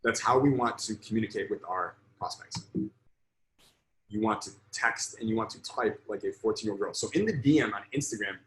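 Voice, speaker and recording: A man's voice: on the low side, brisk, fairly bright tone, echoey room, rough recording. A man coaching on sales in a live online lesson, blunt and emphatic, swearing freely.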